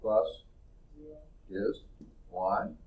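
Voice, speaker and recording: A man teaching a math class in a classroom, talking deliberately and drawing out his words as he writes on the board. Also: fairly low pitch, darkish tone, husky. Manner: deliberate, stretches words while writing on the board. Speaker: math instructor. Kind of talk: classroom lecture.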